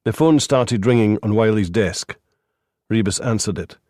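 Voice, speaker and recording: A man narrating a crime audiobook in a steady, measured storytelling voice. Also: lowish voice, no echo, clean studio sound. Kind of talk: scripted narration.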